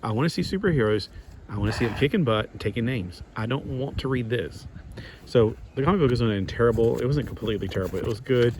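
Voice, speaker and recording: A man's voice: mid-range voice, expressive, quick pace, darkish tone, a little hiss or hum. A man giving a casual comic book review in a rambling way, full of restarts, asides and exasperated griping.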